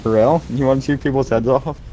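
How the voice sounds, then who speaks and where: A man's voice: medium pitch, fairly even intonation, quick pace, warm tone, slight background noise, low-quality recording. A man co-hosting a podcast, chatting casually and answering with teasing remarks and laughter. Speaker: podcast co-host. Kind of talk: casual chat.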